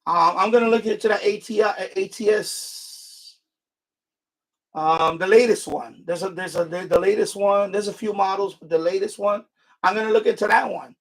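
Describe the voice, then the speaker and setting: A man with a fairly high, gravelly voice hosts a casual live stream, chatting as he works. His tone is husky and a little rough. He rambles, repeats himself, and swears at his gear. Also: moderate pace. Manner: rambling, frustrated asides and mild swearing; repeats himself and restarts sentences.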